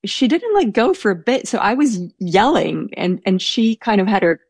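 A woman's voice: mid-range voice, sing-song, normal speed, darkish tone, husky, no room sound, clean studio sound. A young woman telling a personal story in casual chat, hesitant, with many fillers and restarts. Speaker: storyteller guest. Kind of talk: casual anecdote.

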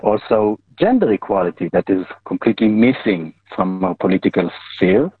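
A man, a political candidate, answering interview questions earnestly and deliberately. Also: fairly low pitch, expressive, slightly rough, dry recording. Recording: tinny phone line.

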